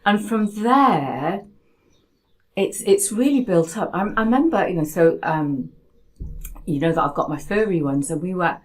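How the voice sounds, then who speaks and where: A woman hosting a casual conversation, telling a personal story in an animated way with many restarts, at home. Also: lowish voice, moderate pace, poor audio. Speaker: host. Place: home in Spain.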